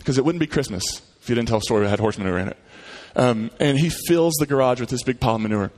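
A man's voice: medium pitch, fast, darkish tone. A male pastor praying and then preaching, telling a story in a conversational way with frequent restarts. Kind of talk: sermon and prayer.

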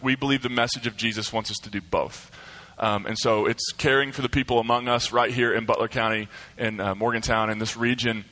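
A middle-aged man with a slight lisp, a pastor giving casual, joking church announcements and a sermon at a deliberate pace. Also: medium pitch, pushed and bright, rough recording.

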